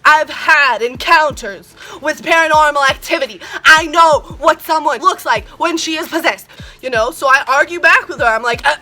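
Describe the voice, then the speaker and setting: A teenage girl telling a story on her vlog, slangy and animated, full of "like" and swearing. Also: sits high. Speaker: vlogger.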